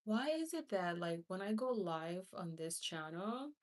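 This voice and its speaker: A woman's voice: fairly low pitch, sing-song, measured pace, far from the mic. A woman from Haiti, a hospice nurse, hosting a casual live stream who rambles, repeats herself and greets viewers by name. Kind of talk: casual livestream chat.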